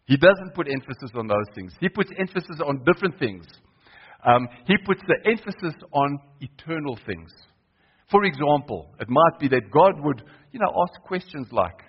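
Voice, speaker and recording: A somewhat high, husky male voice preaching to a congregation. He asks them questions and repeats his key lines for emphasis. The recording is a little dull and lo-fi. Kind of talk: sermon. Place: church hall.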